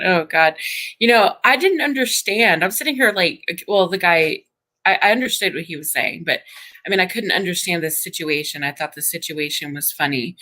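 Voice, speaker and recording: Bright-toned rambling woman host. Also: fairly low pitch, moderate pace, poor audio. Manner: rambling, restarts sentences. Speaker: stream host. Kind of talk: casual chat.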